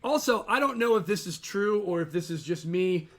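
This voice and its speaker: A man co-hosting a wrestling podcast, chatting excitably and casually, swearing and repeating himself. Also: sits high, normal speed. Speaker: podcast co-host. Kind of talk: casual watch-along chat.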